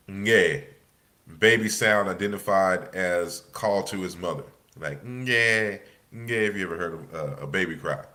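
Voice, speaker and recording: A man's voice: deep voice, fairly bright tone. A man with a casual way of speaking, lecturing over slides in a loose, conversational manner full of restarts.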